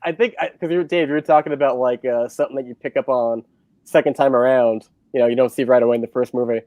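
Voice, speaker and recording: A man's voice: mid-range voice, fast talker, no room sound. A man reviewing movies, chatting on a livestream and animatedly retelling scenes. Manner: animated storyteller, acting out scenes. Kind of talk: casual livestream chat.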